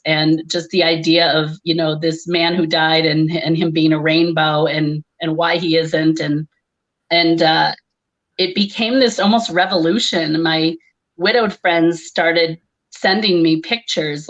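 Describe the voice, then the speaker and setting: A woman, a comedian speaking at a live online conference, tells a personal story in a wry, conversational way and laughs often. Her voice is fairly low in pitch and a bit bright.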